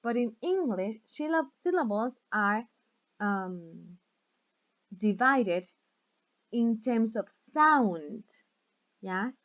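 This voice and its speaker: A Latin American woman whose first language is Spanish teaches English in a recorded online lesson, speaking slowly and patiently and checking in with the class using "right?" and "okay?" Her voice is on the high side, expressive, and fairly bright, with the highs cut off.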